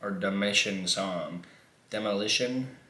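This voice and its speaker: Low-voiced man rambling in an echoey room. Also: measured pace, pushed and bright. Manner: rambling, profane, laughs often. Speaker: mukbang vlogger. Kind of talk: casual storytelling while eating.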